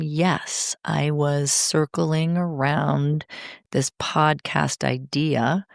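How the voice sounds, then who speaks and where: A middle-aged woman talking as a podcast guest in a heartfelt, expressive, emphatic way. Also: sits low, vocal fry, clean tone, dry recording, studio quality. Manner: expressive, emphatic, speeds up when enthused. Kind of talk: heartfelt conversation.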